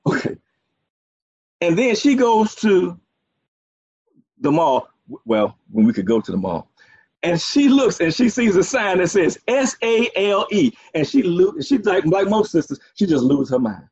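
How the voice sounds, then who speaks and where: A man's voice: on the high side, sing-song, normal speed, darkish tone, husky, no room sound. A man preaching a sermon, using folksy asides and a string of "okay"s. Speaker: pastor. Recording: dull, dry, muffled sound.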